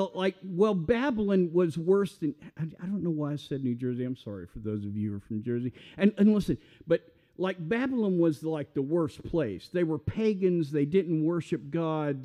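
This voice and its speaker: A man's voice: on the high side, muffled recording. A man with a Southern US accent, preaching a sermon in a folksy, conversational way with asides. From Mississippi. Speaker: pastor.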